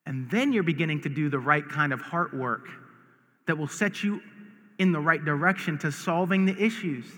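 A man from the United States preaching a sermon as pastor, earnest and emphatic, often repeating words and rising to shouts. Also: fairly high pitch, normal speed. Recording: long reverb of a large hall.

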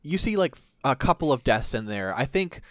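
A man co-hosting a casual chat about a video game, rambling and animated with many restarts. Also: medium pitch, brisk, no room sound, studio quality.

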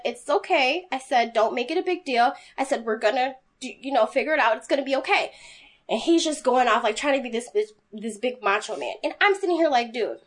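Casting note: woman, slightly high voice, lively storyteller in a casual chat. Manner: animated, quotes people in voices.

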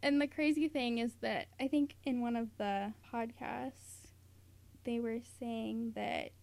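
A woman's voice: on the high side, steady tone, slow pace, creaky, a little mellow. A woman from the United States, chatting casually as a podcast co-host, with lots of fillers, asides and little laughs. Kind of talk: casual chat.

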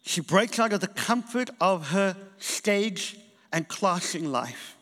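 In a church hall with reverb, a man from England and South Africa preaches slowly in a high voice. He tells a story with animation, acting out the people in it and their quotes.

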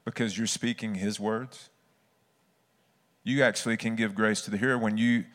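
A man, preaching a sermon in an earnest, conversational storytelling way. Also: lowish voice.

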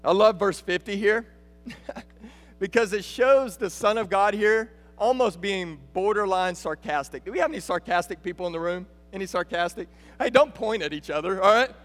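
A man with a Texan accent preaching a lively sermon as a guest speaker, talking to the congregation and calling out to them. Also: sits high, normal speed, in a large hall. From Texas. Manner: animated, rising to emphatic calls. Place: church sanctuary.

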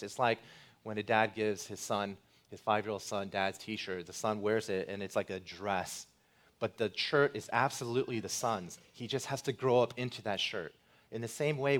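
A man preaching a sermon as pastor, earnest and building to loud, emphatic passages. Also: lowish voice.

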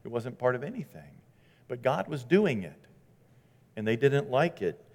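A man's voice: mid-range voice, sing-song, normal speed. Preaching man in a reverberant church. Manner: dramatic, swings from hushed to loud exclamations. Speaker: pastor. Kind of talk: sermon. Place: church sanctuary.

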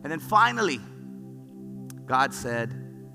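A man's voice: fairly high pitch, measured pace, fairly bright tone. A man preaching a sermon, retelling scripture stories with rising fervor. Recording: long reverb with music behind.

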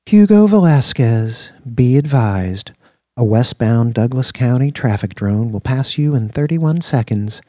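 A brisk, monotone female traffic computer, formal and clipped, as a male narrator voices her. The voice is raised in pitch and loud, with a mellow tone and a dry, close sound. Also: no echo, lightly acted.

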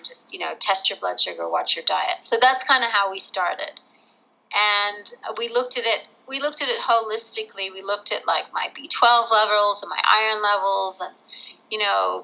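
A woman's voice: mid-range voice, creaky, bright, forceful tone, rough recording. A middle-aged woman from Australia, a guest telling her own story candidly in a casual interview, laughing through the hard parts.

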